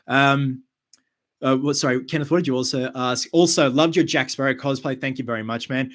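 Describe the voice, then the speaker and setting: A man hosting a casual live stream, chatty with quick asides and fillers. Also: mid-range voice. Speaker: host of a live show.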